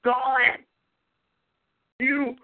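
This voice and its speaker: A man's voice: extremely high pitch, level tone, very slow. A man hosting a talk show, ranting profanely, taunting rivals and repeating a catchphrase. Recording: tinny phone-like audio.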